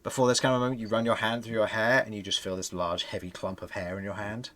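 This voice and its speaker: A man's voice: on the low side, little pitch movement, fast talker, sharp tone. A man narrating as game master of a tabletop game, describing scenes with frequent restarts.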